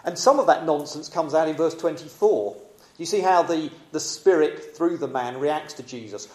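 A man's voice: fairly high pitch, normal speed, a little mellow. A man preaching a sermon in a dramatic, emphatic yet conversational way. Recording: echoey room.

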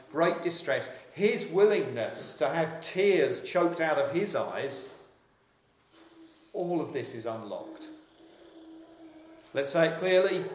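A man's voice: a little high, echoey room, a little hiss or hum. A man preaching a sermon, earnest and reflective, repeating phrases for emphasis.

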